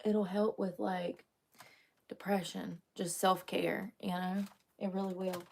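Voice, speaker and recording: A woman's voice: on the low side, flat delivery, slow, vocal fry, a little mellow, slight background noise. A young woman vlogging to camera in casual chat, chatty and joking, swearing freely.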